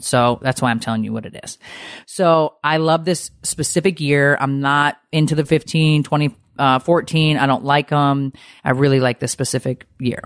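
Woman, middle-aged, podcast co-host, gossipy and animated, casual chat, dry recording. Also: very deep voice, no room sound. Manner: animated, gossipy storytelling with swearing.

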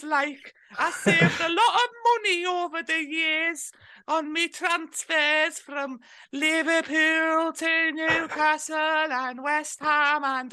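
A man putting on a cheeky young male footballer with a squeaky falsetto. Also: bright, forceful tone, full character voice.

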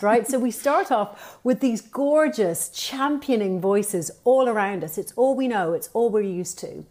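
A woman's voice: a little high, measured pace, few pauses. A woman, a TV presenter and author, talking animatedly as a podcast guest and acting out quoted voices. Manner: animated, upbeat storytelling with playful quoted voices. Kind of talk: conversational podcast interview.

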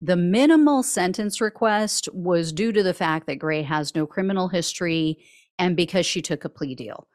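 A woman's voice: fairly low pitch, normal speed, darkish tone, dry recording. Woman host, news podcast recap, dry sarcastic delivery, close dry mic.

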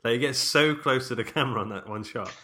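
Bright-voiced chatty man. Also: mid-range voice, fast. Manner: chatty, laughs often, restarts mid-sentence. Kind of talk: casual film chat.

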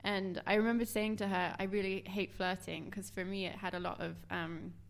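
A woman's voice: medium pitch, level tone, normal speed, creaky. Chatty woman hosting. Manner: laughs often, reacts warmly. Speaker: podcast host. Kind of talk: casual chat.

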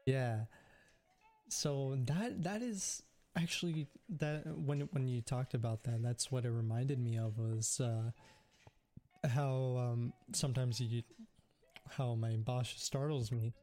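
A man's voice: mid-range voice, takes it slowly, warm tone. A man telling a work story in casual chat, full of fillers and restarts. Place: on a voice call.

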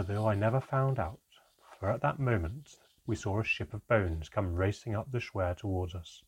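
A man narrating a first-person adventure story in a measured, reflective manner. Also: on the low side, darkish tone, husky.

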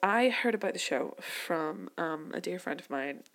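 Low, gravelly-voiced enthusiastic woman. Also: expressive, normal speed, fairly bright tone. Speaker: audio drama voice actor. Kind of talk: casual interview answers.

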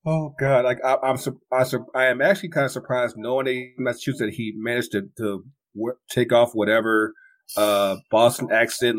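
A man's voice: medium pitch, steady tone, fairly quick. A man hosting a casual sports podcast, riffing and laughing, with frequent stammered restarts. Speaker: podcast host.

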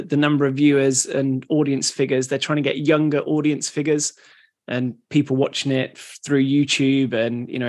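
A man co-hosting a podcast, explaining things in a casual, rambling way with lots of restarts. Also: mid-range voice. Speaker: podcast co-host. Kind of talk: casual educational chat.

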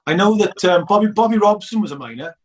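A man's voice: sits high, fast, recorded from a distance. A man, a documentary filmmaker chatting and telling football stories with lots of laughs. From Scotland. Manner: animated storyteller, laughs often. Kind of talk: casual chat.

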